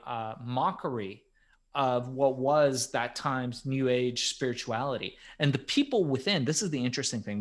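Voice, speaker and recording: A man on a podcast telling a story in a casual, animated way. His voice rises and falls a lot, and he leans on fillers as he goes. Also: mid-range voice. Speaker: podcast co-host.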